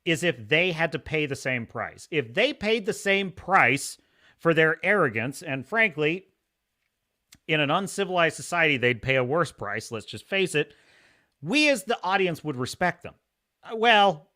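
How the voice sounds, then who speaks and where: A man hosting a podcast in casual, opinionated commentary, animated and laughing, acting out scenes in voices. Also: on the high side. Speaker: podcast host.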